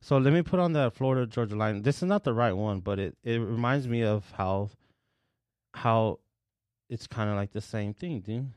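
A man's voice: lowish voice, normal speed, darkish tone, smooth, dry recording. A man hosting a casual podcast chat, laid-back and profane, who says "dude" often.

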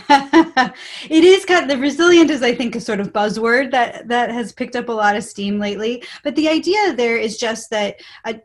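A woman in her forties, a research guest on a podcast, explaining ideas in an upbeat way and lively when quoting. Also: on the high side, normal speed. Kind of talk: podcast interview.

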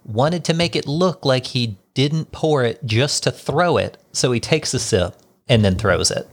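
A man co-hosting a book club podcast in a studio, explaining details in a relaxed, casual way. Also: mid-range voice, measured pace, slightly rough. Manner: explanatory, relaxed, reads passages aloud. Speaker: podcast co-host.

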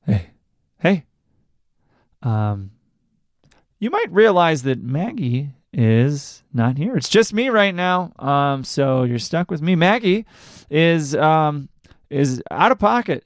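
A young adult man hosts a podcast solo, rambling and poking fun at himself between fillers. His voice sits a bit high for a man, smooth and resonant. He is close on the mic in a dry space. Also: no room sound. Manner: rambling and self-deprecating, lots of fillers. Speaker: podcast host. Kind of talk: casual chat.

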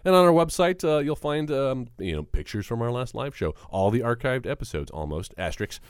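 A man with a Texan accent co-hosts a movie podcast, giving chatty opinions and laughing easily. His voice sits in a middle pitch, recorded close and dry. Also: sing-song, a little fast, clear, resonant tone, no room sound. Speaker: podcast co-host. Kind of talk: casual chat.

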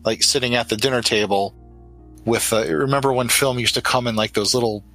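Bright-voiced man running a tabletop game. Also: mid-range voice, brisk, soft background music, rough recording. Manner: loose, filler-heavy narration. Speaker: game master.

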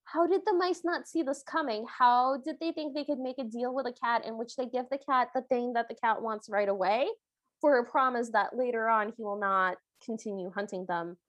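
A woman with a somewhat high voice co-hosts a casual podcast, recapping a film and playfully acting out what the characters say. Her sound is close and dry, with no room around it. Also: moderate pace, no room sound. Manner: animated, acts out characters' lines in quotes. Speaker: podcast co-host.

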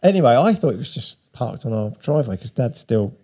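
A middle-aged man with a husky voice, telling a long, sweary story on a casual chat podcast. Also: medium pitch, very animated, a little fast, warm tone. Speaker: podcast co-host.

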